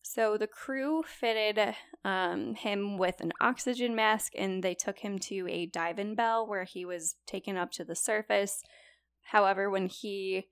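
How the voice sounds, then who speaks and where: Young woman, podcast co-host, casual storytelling, gravelly voice, dry close sound. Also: mid-range voice, unhurried, dry recording. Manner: chatty, many likes and you-knows, lively retelling.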